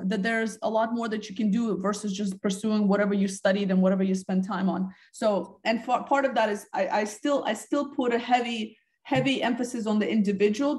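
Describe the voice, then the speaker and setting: Female interview guest, conversational, mid-pitched, restarts phrases. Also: steady tone, a little fast, few pauses, a little mellow. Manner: thoughtful, restarts phrases often. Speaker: podcast guest, talent development head.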